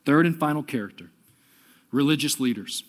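A preacher delivering an urgent, exhorting sermon, repeating his appeals and swinging between soft and loud passages. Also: mid-range voice, lively intonation, brisk. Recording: long hall reverb.

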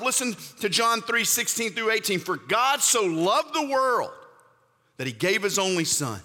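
A man's voice: fairly high pitch, pushed and bright, big-room sound. A pastor in his forties preaching a sermon, with emphatic, repetitive rhetorical build-ups.

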